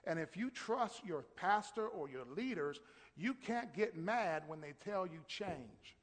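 A man preaches a sermon with a high, ringing voice, pushing his points up to shouted emphasis and calling out to the congregation. The sound carries a long reverb tail from the church hall around him. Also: animated, unhurried. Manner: preaching with rising shouted emphasis and call-and-response. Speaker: pastor. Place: church sanctuary.

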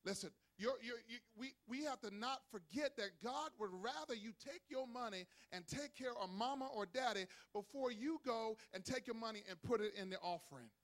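A male pastor preaching a sermon in a church, dramatic, moving between quiet asides and shouted emphasis, reading scripture slowly and calling for responses from the congregation. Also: extremely high pitch. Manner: calls for audience responses. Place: church sanctuary.

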